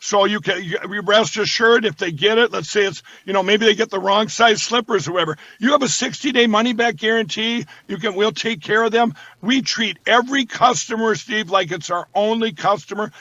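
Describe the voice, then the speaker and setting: A man talking as a guest, rambling and repeating words as he slips into a sales pitch. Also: a little fast, few pauses, bright, forceful tone, no echo. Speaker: guest, company founder. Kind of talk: casual talk with sales pitch. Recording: dull lo-fi sound.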